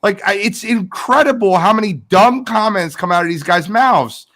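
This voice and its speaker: Guy on a sports podcast ranting hard, high voice that jumps all over, bright edge. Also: animated, moderate pace. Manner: ranting, exasperated, emphatic. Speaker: podcast co-host. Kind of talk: heated sports podcast talk.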